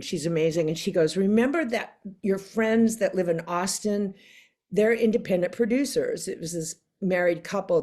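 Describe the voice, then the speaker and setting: An older woman as an interview guest, telling a story in casual chat, animated and acting out the voices she quotes with frequent laughs. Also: lowish voice.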